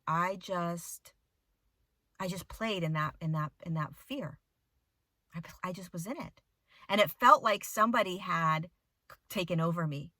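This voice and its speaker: A woman spiritual teacher telling a story in a casual talk to followers, animated and dramatic, with the odd swear word. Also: on the low side, no room sound. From United States.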